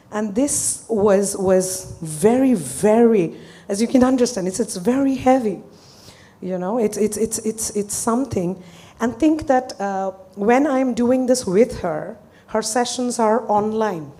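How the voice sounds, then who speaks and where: A woman therapist walks an audience through a client case in a mellow, warm voice. Her delivery is earnest and hesitant, with pauses as she gathers her thoughts. Her pitch sits in the middle of the range. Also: animated.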